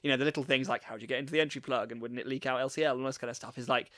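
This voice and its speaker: A man's voice: medium pitch, fairly even intonation, rapid-fire, bright, forceful tone, dry recording. A young man co-hosting a podcast, chatting casually and teasing his co-host with dry, joking asides. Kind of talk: casual chat reviewing an anime episode.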